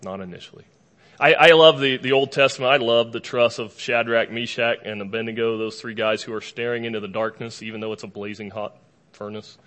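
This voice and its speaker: A man preaching a sermon to a live congregation in a lively, conversational way, with casual asides and humor. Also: on the low side. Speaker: pastor.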